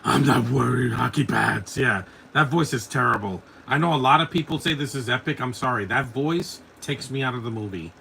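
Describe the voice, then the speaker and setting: A man's voice: mid-range voice, fairly quick, gravelly, few pauses, sharp tone, slight background noise. A man in his forties hosting a live movie commentary podcast, blunt and opinionated, rambling from one complaint to the next. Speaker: podcast host.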